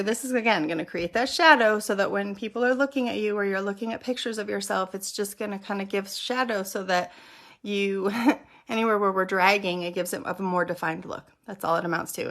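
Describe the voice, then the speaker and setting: Chatty woman with a gravelly voice. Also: mid-range voice, fairly bright tone. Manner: chatty, explains step by step while applying makeup. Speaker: makeup tutorial host. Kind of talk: casual how-to demonstration.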